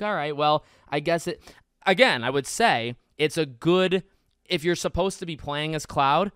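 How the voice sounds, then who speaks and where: A man's voice: fairly high pitch, clear, resonant tone, dry recording, studio quality. A young man hosting a podcast, talking casually and with emphasis about a video game, often restarting his sentences. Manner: animated, emphatic, many restarts. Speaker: podcast host.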